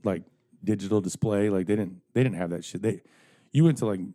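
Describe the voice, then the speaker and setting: Fast-talking, profane man with a low voice. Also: warm tone. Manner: profane, rambling, laughing at his own stories. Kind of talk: casual storytelling among friends.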